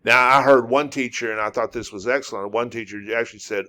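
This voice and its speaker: A man's voice: medium pitch, steady tone, fast talker, hardly any pauses, bright, forceful tone. A man teaching a language lesson, patiently repeating words and sounds over and over. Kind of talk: slow, repetitive language lesson.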